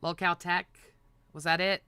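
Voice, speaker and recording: Brash ranting woman, very bright voice. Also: lowish voice, flat delivery, normal speed, smooth, dry recording. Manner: profane, ranting, swings to shouting. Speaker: livestream host. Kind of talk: heated livestream rant.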